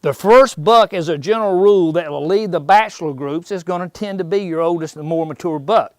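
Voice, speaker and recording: A man's voice: high-pitched, a little fast, darkish tone, no echo, studio quality. A man giving a folksy, jokey seminar in an indoor archery shop, quizzing the audience as he goes. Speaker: seminar speaker.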